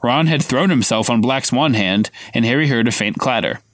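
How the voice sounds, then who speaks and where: A man's voice: mid-range voice, normal speed, fairly bright tone, no room sound, clean studio sound. A man co-hosting a podcast, reading a novel aloud live and acting out the dialogue with a raised voice.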